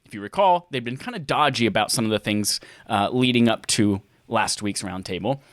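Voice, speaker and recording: A man hosts a casual gaming podcast, bouncing his pitch all over as he cracks jokes between news items. His voice sounds close and dry, with no room around it. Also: fairly quick, no echo. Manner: jokey, animated, reads news with playful asides. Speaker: podcast host.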